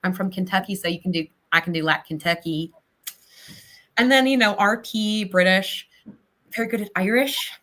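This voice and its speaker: Woman actor from southern Ohio, bright and forceful voice, chatty livestream guest. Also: mid-range voice. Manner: chatty, talks in quick bursts with many fillers. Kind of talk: casual livestream interview.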